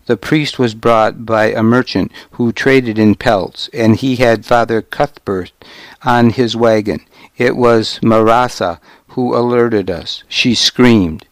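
A man reading a novel aloud as first-person narration, in a measured, deliberate storytelling manner. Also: mid-range voice, fairly even intonation, no room sound. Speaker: audiobook narrator.

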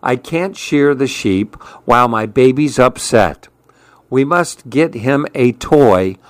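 A man reading aloud does a harried storybook hairdresser fretting over his baby. He sounds hesitant and slow, recorded dry and close. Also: mid-range voice, animated, no echo. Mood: fretful. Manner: fretful, hesitant. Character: harried male hairdresser and young father.

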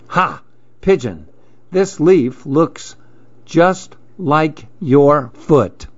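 A man voicing a curious, dreamy male mouse in a storybook reading, with a soft, wondering way of talking. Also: fairly high pitch, sing-song, drawn-out words, no echo, muffled recording, exaggerated voice. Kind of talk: storybook read-aloud.

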